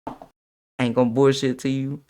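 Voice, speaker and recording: A young man streaming, telling a wild high school story to his chat, laughing and swearing as he goes. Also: little pitch movement, normal speed, mellow. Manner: swearing, laughing, big dramatic voice swings. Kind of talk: animated storytelling to a live chat.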